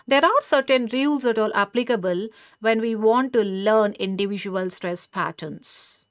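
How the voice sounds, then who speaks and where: A woman delivers a scripted pronunciation lecture, measured and explanatory, in a smooth, crisp voice of medium pitch and fairly bright tone. It's recorded close, with a dry sound and no room echo.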